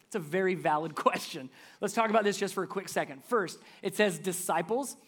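Here is a pastor preaching a sermon in a mid-pitched voice that is neither high nor low. The delivery is conversational and emphatic. Loud, stressed words give way to quiet, dropped-down asides. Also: quick pace.

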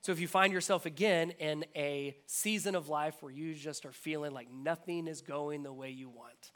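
A high-pitched man preaches from the pulpit as pastor. He speaks earnestly, repeats key phrases and builds his emphasis line by line. The sermon is delivered in a church. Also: normal speed, fairly bright tone. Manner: earnest, repetitive, rising emphasis.

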